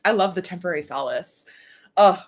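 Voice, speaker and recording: A woman's voice: fairly low pitch, lively intonation, a little fast. A woman co-hosting a casual writing stream, chatting playfully and reading out chat updates. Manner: giggly, playful, reads chat names aloud. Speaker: streamer co-host.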